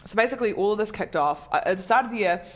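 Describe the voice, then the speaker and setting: A woman's voice: medium pitch, animated, very fast. A woman comedian chatting casually in an interview, talking in a self-deprecating way with many fillers and restarts. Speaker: comedian guest.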